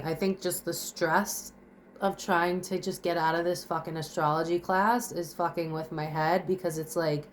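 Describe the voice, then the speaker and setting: A woman's voice: lowish voice, fairly even intonation, moderate pace, slight background noise. A young woman in her kitchen at home, crying and out of breath as she vents bluntly to camera in a raw confessional monologue, swearing and firing off rhetorical questions. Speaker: vlogger.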